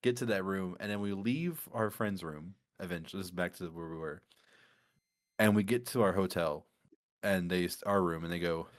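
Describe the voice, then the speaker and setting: Man with a lower voice telling a story among friends, animated and laughing often. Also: moderate pace. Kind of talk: casual chat.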